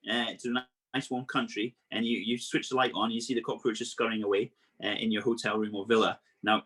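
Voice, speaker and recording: Husky-voiced man presenting animals playfully. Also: mid-range voice. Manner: lively, playful explaining with frequent asides. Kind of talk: live online animal workshop for children. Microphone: video call.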